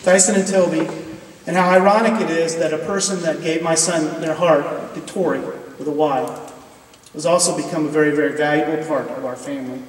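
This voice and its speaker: A man's voice: a little high, fairly even intonation, fairly quick, slight background noise. Earnest man pleading in an echoey hall. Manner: emotional, earnest, pleading with the audience. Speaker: university professor speaking in chapel. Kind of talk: heartfelt chapel speech. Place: large hall, recorded from afar. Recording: distant, echoey hall with long reverb.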